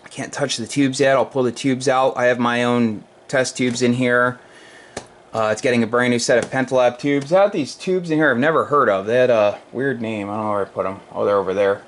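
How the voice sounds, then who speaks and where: A man's voice: medium pitch, a little fast. Tired man rambling in his repair shop. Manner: rambling, restarts, talks while testing gear. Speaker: amp repair technician. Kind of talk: casual workshop vlog. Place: repair workshop.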